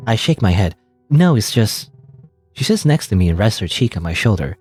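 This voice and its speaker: Let's-play host narrating a story game, low voice with lively, dramatic pitch. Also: male voice, fast talker, breathy edge, faint music behind. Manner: dramatic reading, joking asides, laughs at own slips. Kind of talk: reading a story game aloud with asides.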